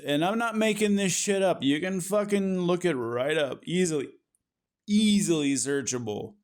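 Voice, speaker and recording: Male political ranter, slightly high voice, furious and profane. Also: lively intonation, a little slow, a little mellow, clear, resonant tone. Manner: profane, exasperated, ranting. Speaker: political commentator. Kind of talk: angry political rant.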